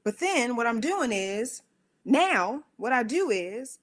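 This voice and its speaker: A woman with a fairly high voice gives a spiritual motivational talk. She speaks in a conversational, emphatic way and fires off rhetorical questions. Now and then she slips into squeaky voices to act out her own thoughts. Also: sing-song, takes it slowly. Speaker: speaker of a worship center.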